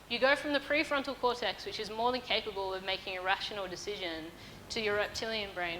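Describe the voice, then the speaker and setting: A young Australian woman speaks from a festival stage with a bright, forceful tone. Her pitch sits in an ordinary middle range. She tells a personal story in a frank, lively way and swears casually. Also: slight background noise, rough recording. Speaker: motivational speaker. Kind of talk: keynote storytelling talk.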